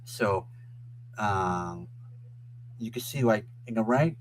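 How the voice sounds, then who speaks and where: A man hosting a casual live stream who keeps restarting and repeating his phrases and breaks into loud, excited sports chants. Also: on the low side, takes it slowly, slight background noise, poor audio. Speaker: host of a live web show.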